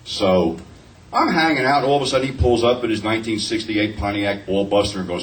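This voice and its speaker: A man in his fifties, a panel guest, telling profane, animated anecdotes and acting out the quotes, picked up from a distance with faint noise. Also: on the low side, a little fast. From New Jersey. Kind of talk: casual convention panel storytelling. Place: convention panel room.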